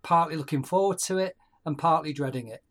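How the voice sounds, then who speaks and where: Halting, jokey man on a podcast. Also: on the high side, a crowd in the background. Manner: halting, repeats words, jokey. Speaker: podcast guest. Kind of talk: casual chat.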